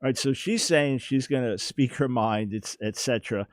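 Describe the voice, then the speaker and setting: A male radio host who asks probing questions and answers with short affirmations. His voice sits at a middle pitch. The studio sound is close and dry. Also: normal speed, no room sound. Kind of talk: radio interview.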